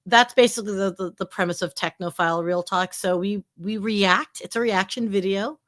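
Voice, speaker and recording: Guest, female, mid-pitched, playful and chatty, casual stream talk. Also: moderate pace, fairly bright tone. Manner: playful, chatty, laughs easily. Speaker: guest, tech show host. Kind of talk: casual live-stream chat.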